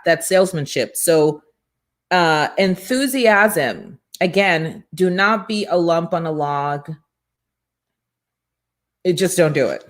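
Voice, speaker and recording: A woman hosting a motivational morning show, talking in an energetic, preachy and emphatic way from a studio. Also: on the low side, slow, pauses often. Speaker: show host and business coach.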